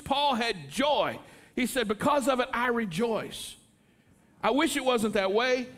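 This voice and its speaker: A middle-aged male pastor preaching a sermon in an earnest manner, rising into impassioned pleas. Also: extremely high pitch.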